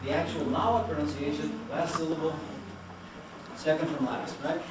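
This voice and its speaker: A man's voice: on the high side, brisk. A man giving a classroom lecture, explaining patiently and putting questions to the class. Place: lecture room. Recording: very echoey, distant, noisy room recording.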